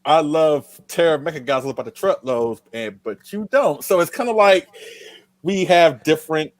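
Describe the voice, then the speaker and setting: A man's voice: fairly high pitch, expressive, normal speed, no room sound. A man hosting a live-stream interview, asking questions in a playful, teasing way. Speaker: show host, interviewer.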